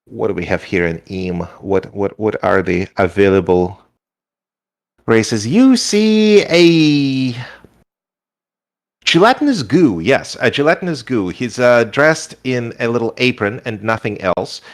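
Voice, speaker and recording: A man's voice: fairly low pitch, measured pace. A man narrating as game master, improvising loosely with many fillers. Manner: rambling, improvised, full of fillers.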